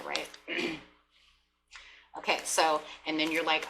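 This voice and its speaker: A woman's voice: low-pitched, little pitch movement, takes it slowly, vocal fry, pauses often, sharp tone, a little hiss or hum, rough recording. A woman giving a casual tarot reading, talking in a rambling way and acting out short imagined exchanges. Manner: chatty, rambling, acts out little quoted exchanges. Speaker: tarot reader.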